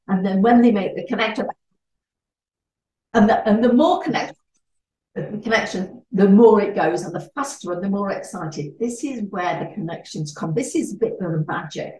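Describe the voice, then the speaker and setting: A woman, a networking trainer giving a lively presentation talk and acting out little dialogues. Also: medium pitch. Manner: animated, acts out little dialogues. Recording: echoey room, distant mic.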